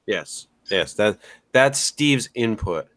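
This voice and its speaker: A man's voice: lowish voice, animated, takes it slowly, fairly bright tone. A man hosting a casual podcast, bantering and teasing his co-hosts with sarcastic asides. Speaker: podcast host.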